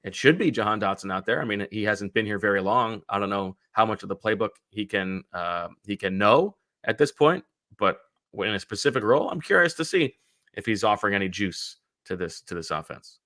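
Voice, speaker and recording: A man co-hosting a sports podcast reads an ad and chats about football in a halting way, full of fillers and restarts. His voice is on the low side, expressive, bright and forceful. The recording is clean studio sound with no echo.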